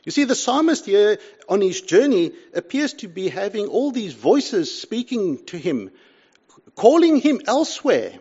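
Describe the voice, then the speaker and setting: An older man preaching with a high, lively, gravelly voice, lifting to loud pleas and dropping to a hush. His tone is husky, and the recording sounds dull and lo-fi. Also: unhurried. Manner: impassioned preaching with wide swings from loud to hushed. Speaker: pastor. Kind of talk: sermon.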